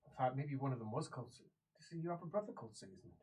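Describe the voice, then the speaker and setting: Lively game master man, animated pitch. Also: rapid-fire, breathy edge. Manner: lively, laughing, drops to a hushed mumble for side characters. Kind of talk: narrating a tabletop game.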